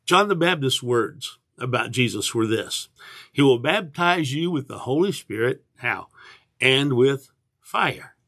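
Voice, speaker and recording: Older guy pastor doing a morning devotion, earnest, takes his time, mid-pitched voice. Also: a bit bright. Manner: earnest and unhurried, with repeated restarts. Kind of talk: livestreamed morning devotion sermon.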